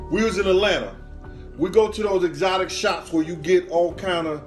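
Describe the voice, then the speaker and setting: A man's voice: sits high, moderate pace, faint music behind. A man telling a casual anecdote in slangy speech, stumbling and repeating words as he laughs his way through it. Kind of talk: casual storytelling.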